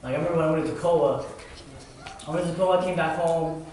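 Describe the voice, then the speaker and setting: A man's voice: a little high, fairly even intonation, fast talker, darkish tone. A young man preaching a casual sermon, talking loosely and conversationally with lots of "like" and "man". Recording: echoey hall from far off, faint noise.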